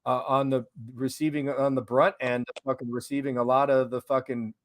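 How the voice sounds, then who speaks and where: A man's voice: medium pitch, little pitch movement, normal speed, dry recording, clean studio sound. A man hosting a casual live stream, over-caffeinated, swearing constantly and rambling from one thought to the next. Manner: profane, rambling, jumpy. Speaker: livestream host.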